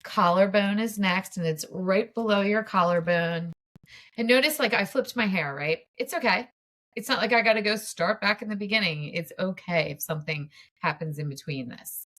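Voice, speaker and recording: A woman's voice: mid-range voice, normal speed, a bit bright. A woman in her forties, a mindset coach, casually talking viewers through a tapping exercise in a chatty, open way. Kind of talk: guided tapping demonstration.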